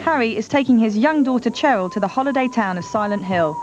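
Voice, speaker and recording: A woman's voice: fairly high pitch, animated, fast talker. A woman reading a scripted video game review voice-over, telling the story dramatically. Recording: dull TV audio with music.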